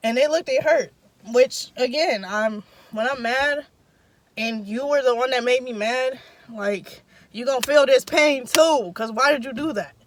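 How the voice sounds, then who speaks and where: A woman's voice: high-pitched, unhurried. A young woman in casual storytime, telling a story with emphatic, profanity-heavy slang. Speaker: vlogger.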